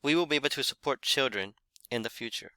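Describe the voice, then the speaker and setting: Crisp, bright-voiced male presenter. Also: medium pitch, dry recording. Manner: measured, explanatory, occasional fillers. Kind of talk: recorded class presentation.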